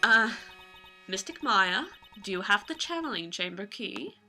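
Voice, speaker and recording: A woman's voice: mid-range voice, lively intonation, unhurried, sharp tone, faint music behind, heavily acted. A woman voicing a nervous young male defense attorney who hesitates and stammers. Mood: flustered.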